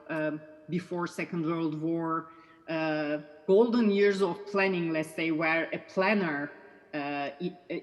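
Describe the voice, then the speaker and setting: A woman, a keynote lecturer, answering in an academic discussion, thoughtful and pausing with fillers. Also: fairly low pitch. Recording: long reverb.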